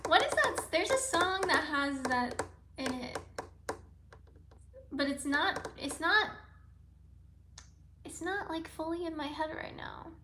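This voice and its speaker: A woman's voice: high voice, expressive, slow pace, pauses often, pushed and bright, echoey room, a little hiss or hum. A woman hosting a casual livestream, answering viewer comments in a playful, rambling way that keeps slipping into whispers. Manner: reads viewer comments aloud and answers them, often dropping into a whisper. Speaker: livestream host.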